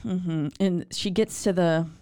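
A woman co-hosting a podcast, recapping a horror film in animated, casual chat and quoting the characters. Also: lowish voice, smooth, no echo, studio quality. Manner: animated, swearing, quick to quote characters. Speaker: podcast co-host.

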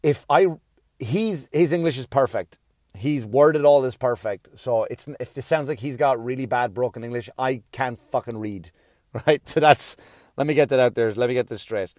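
Rambling, stammering podcast host with dry sound. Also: male voice, medium pitch, normal speed, a little mellow, no room sound. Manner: rambling, self-deprecating, swears casually; stammers and restarts often. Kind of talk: casual podcast monologue.

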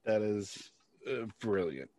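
A man's voice: on the low side, animated, slow pace, warm tone, dry recording. An upbeat male podcast host who chuckles easily while reading out numbered questions. His voice rises and falls freely and sounds dry and close. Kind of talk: casual interview.

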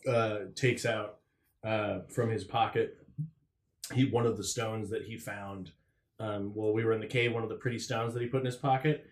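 A man's voice: on the low side, steady tone, normal speed, reverberant. A man playing a tabletop role-playing game, joking playfully while describing his character's actions. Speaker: player.

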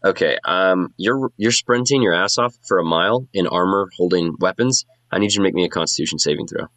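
Casting: very low-voiced game master, relaxed and chatty, dry close mic. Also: male voice, no room sound, low-quality recording. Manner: casual, quick, lots of fillers. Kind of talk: running a tabletop game.

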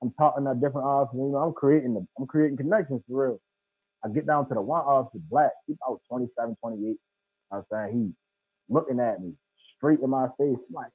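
A man's voice: medium pitch, quick pace, slightly rough, dry recording. A man telling a story in emphatic street slang, heard as a guest over a phone line. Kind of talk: casual storytelling.

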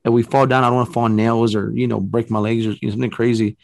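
Gravelly man telling a story, rambling. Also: medium pitch, little pitch movement, very fast, darkish tone, no room sound. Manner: rambling, full of fillers like "man" and "bro", frequent restarts. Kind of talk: casual spooky storytelling.

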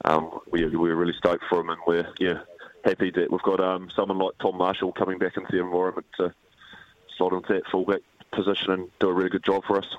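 A man's voice: deep voice, monotone, quick pace, lo-fi sound. A man with a New Zealand accent, a rugby head coach, talking in a laid-back, humble, rambling way on a radio interview.

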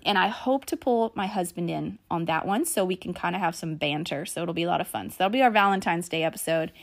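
A middle-aged woman hosting a solo podcast, talking in a chatty, earnest way and sharing stories about her family. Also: mid-range voice. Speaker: podcast host. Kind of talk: casual solo podcast talk.

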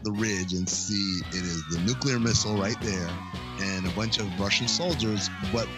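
A man's voice: lowish voice, loud music behind the voice. A man co-hosting a podcast, chatting casually about a movie, swearing freely and laughing often. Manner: animated, swearing, quick to laugh. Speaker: podcast co-host.

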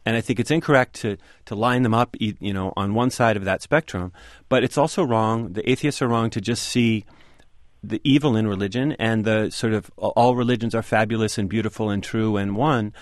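A man's voice: on the low side, a little fast, dry recording. Man, author guest, earnest, emphatic, argumentative, dry studio sound. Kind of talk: radio interview discussion.

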